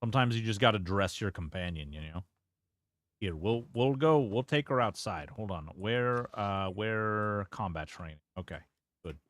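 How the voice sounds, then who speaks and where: A man's voice: on the low side, expressive, normal speed, no room sound. A man streaming a game and chatting casually, rambling and reacting as he plays, swearing freely into a close desk mic. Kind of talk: casual live-stream gameplay commentary.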